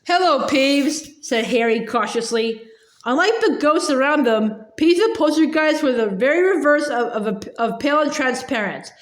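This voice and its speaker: High-voiced woman reading a storybook. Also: lively intonation, normal speed. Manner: slips and repeats words. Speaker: audiobook reader. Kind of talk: storybook read-aloud. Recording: echoey room.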